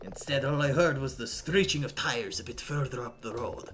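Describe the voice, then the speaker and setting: A woman's voice: a bass voice, normal speed, noisy background. Woman putting on a pompous vain jet-setter man. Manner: obnoxious, affected vaguely French put-on accent. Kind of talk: voicing characters in a visual novel stream.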